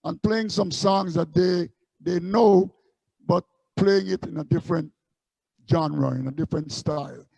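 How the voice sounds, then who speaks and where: A man's voice: a little high, unhurried, vocal fry, warm tone, slightly rough, no room sound, rough recording. A man from Guyana, a street musician recalling his busking days in a loose, rambling way. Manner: rambling anecdotes with many restarts. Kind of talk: casual storytelling interview.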